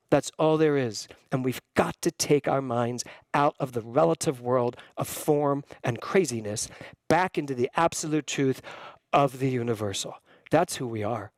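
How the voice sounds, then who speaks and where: A man giving a sermon as minister, preaching emphatically, jumping up in pitch and slowing down to stress key phrases. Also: no room sound.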